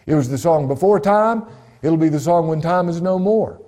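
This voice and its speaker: A male pastor preaching a sermon, emphatic and repetitive, slowing and dropping to a hush when quoting scripture. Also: fairly high pitch. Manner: emphatic, repeats key phrases, slows and drops to a hush on scripture. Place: church broadcast.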